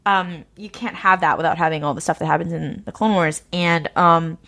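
A woman in casual, rambling fan chat, excitable and swearing often. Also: fairly low pitch, normal speed.

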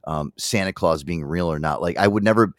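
A man hosting a podcast in casual, profane banter, animated and quick to laugh. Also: low-pitched, no echo, clean studio sound. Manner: swearing, animated, laughs often. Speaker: podcast host.

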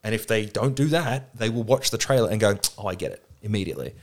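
A man's voice: lowish voice, lively intonation, fast. A man chatting on a podcast at a table, a film producer who swears freely and tells stories with acted-out quotes. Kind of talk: casual podcast chat. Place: around a table with two others.

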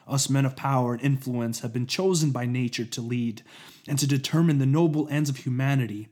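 A man voicing an arrogant older male master inventor in a storybook reading, with a pompous, booming, commanding delivery. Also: brisk, a little mellow, close to an everyday voice.

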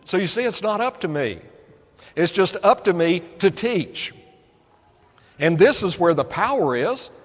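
A man with an East Tennessee accent preaches an encouraging sermon, his fairly high voice rushing through some phrases and slowing to lean on others. A long hall reverb trails each line through the sanctuary. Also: very animated. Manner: earnest and encouraging, with quick bursts and slow emphatic phrases. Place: church sanctuary.

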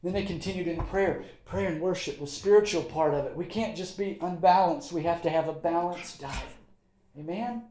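High-voiced folksy Southern preacher, echoey church. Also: male voice, mellow. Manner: folksy preaching, repeats phrases, quick asides and chuckles. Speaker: pastor. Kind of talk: sermon. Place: church sanctuary. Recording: roomy church echo.

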